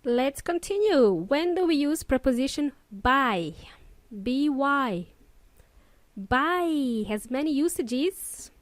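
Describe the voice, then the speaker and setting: A woman's voice: sits high, expressive, slow, no echo. A woman hosting a casual lesson podcast, playful and upbeat, joking between explanations. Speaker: English teacher and podcast host.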